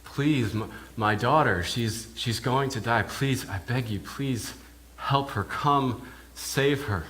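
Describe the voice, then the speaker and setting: A man voicing a desperate father, pleading slowly for his dying daughter in a sermon monologue. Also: mid-range voice, a bit bright. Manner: pleading, drawn out.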